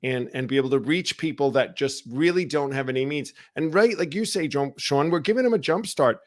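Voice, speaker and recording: A man's voice: a little high, a little fast. A man hosting a live online recovery show, talking casually and greeting viewers by name. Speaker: show host. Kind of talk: casual live-stream talk.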